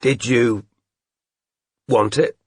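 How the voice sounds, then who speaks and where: A man voicing a gruff, awkward male private detective who speaks low, halting and careful. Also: fairly even intonation, no room sound, clean studio sound. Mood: gentle.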